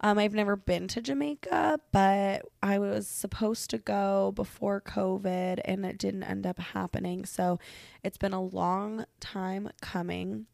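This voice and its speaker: A woman's voice: mid-range voice, steady tone, a little slow, vocal fry, a little mellow, no echo, studio quality. A young woman hosting a podcast, venting alone in her bedroom while sick, profane, rambling and self-mocking. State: sick and congested. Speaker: podcast host. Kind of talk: casual venting monologue.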